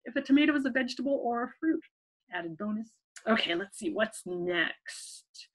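A woman's voice: on the high side, lively intonation. A woman librarian leading a children's story time online, asking playful guessing questions in a coaxing way. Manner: slow, playful, coaxing questions to young listeners. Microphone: webcam or phone for an online video.

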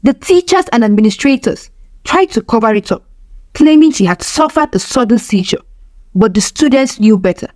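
A woman telling a dark folk tale in steady, dramatic scripted narration. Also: a little high, moderate pace, no room sound. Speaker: storyteller.

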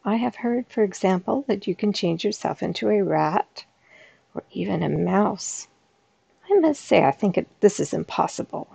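A woman reading the lines of a clever, smooth-talking male cat in boots from a storybook, with a gravelly, husky voice. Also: mid-range voice, animated, moderate pace, dark tone, no room sound, exaggerated voice. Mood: smooth flattery. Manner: smooth, persuasive.

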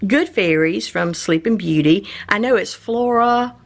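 A woman hosting her own channel, unboxing collectible pins in a haul video, gushing and exclaiming with excitement. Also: mid-range voice, a little slow, creaky. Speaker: channel host.

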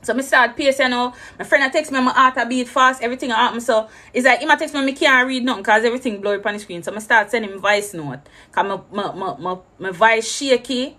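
Jamaican woman telling a lively story. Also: fairly high pitch, fast. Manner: slips between English and patois, acts out every exchange. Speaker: travel vlogger. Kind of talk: animated storytelling.

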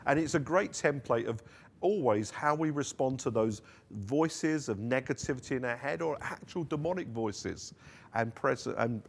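Earnest male preacher, mid pitch. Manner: earnest preaching, rising emphasis on quotes. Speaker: pastor. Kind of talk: sermon. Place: church service streamed online.

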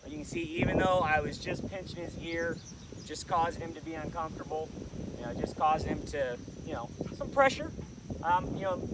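A man who trains dogs, calmly explaining an outdoor lesson while he works the dog with short commands. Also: fairly high pitch. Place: outdoors in the countryside. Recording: distant mic with outdoor noise.

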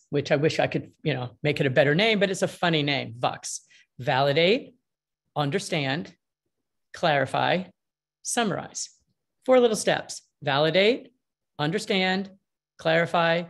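A middle-aged woman with a lilt, speaking at a lowish pitch. She explains her ideas as a mediator in an energetic, emphatic way and slips into little acted-out exchanges of dialogue. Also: moderate pace. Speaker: mediator and author. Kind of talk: interview answers.

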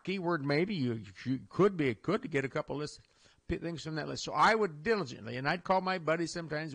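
An older man from Iowa hosts a radio talk show, rambling in a folksy way with many restarts and chuckles. His voice is a little high and a bit bright with vocal fry, captured on a studio microphone.

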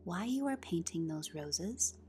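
A woman's voice: lowish voice, expressive, measured pace, dark tone, soft background music. A woman voicing a polite, curious young girl who speaks timidly in a storybook reading. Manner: timid and polite, rising to eager.

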